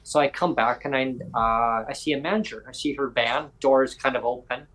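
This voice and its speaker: A man's voice: medium pitch, fairly even intonation, normal speed, a bit bright, a little hiss or hum, rough recording. A man hosting a podcast, telling a long story in casual chat and acting out other people's lines in quoted voices. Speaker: podcast host.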